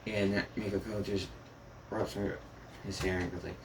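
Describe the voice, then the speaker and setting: Low-voiced man rambling through a fan story. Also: flat delivery, normal speed, noisy background. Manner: rambling, repeats "goes like". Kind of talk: casual spoken fan story retelling.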